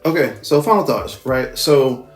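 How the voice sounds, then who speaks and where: A male reviewer with an animated, mid-range voice speaks a little slowly as he casually recaps a movie's plot. He swears, rambles, and frequently corrects himself, with faint music audible behind him.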